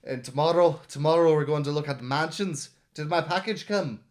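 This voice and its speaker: A man's voice: a little high, normal speed, close to an everyday voice. A man voicing a boastful, middle-aged male treasure hunter who sounds drunk, raising his voice for the quote.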